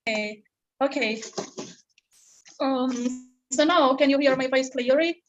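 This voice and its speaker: A woman's voice: high voice, slow pace. A woman asking a lecturer questions over a video call, hesitant and apologetic, repeating herself. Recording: dull lo-fi video call audio.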